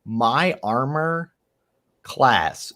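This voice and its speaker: A man in the middle of a tabletop game session, spinning a story about an earlier campaign. He talks in an animated way, laughs often, swears freely and slips into the voices of the people he quotes. His voice sits at an average pitch. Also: extremely slow. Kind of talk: casual storytelling chat.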